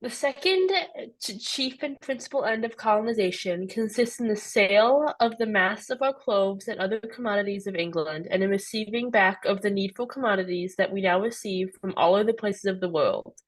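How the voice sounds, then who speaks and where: Student girl reading an old passage out loud for class, steady, mid pitch. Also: moderate pace, rough recording. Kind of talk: reading a historical text aloud.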